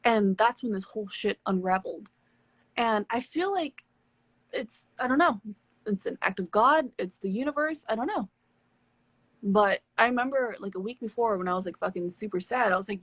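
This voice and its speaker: Husky-voiced woman telling a story. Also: medium pitch, normal speed, no room sound. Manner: candid, swearing, animated storyteller. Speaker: live stream host. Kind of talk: casual storytelling chat. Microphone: phone on a live stream.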